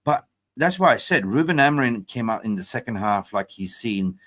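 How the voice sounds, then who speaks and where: A man hosts a live fan show in a lively, chatty way. His pitch swings widely as he talks, and he keeps cutting in on his guests. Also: moderate pace. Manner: chatty, interjecting, animated. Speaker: host.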